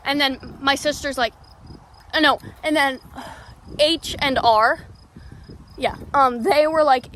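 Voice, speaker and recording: A young woman hosting her own podcast, telling a story casually, rambling and swearing, with many restarts, swinging between loud and hushed. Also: high-pitched, slow pace, long pauses, slight background noise. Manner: lively, jumping from loud to hushed. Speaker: podcast host.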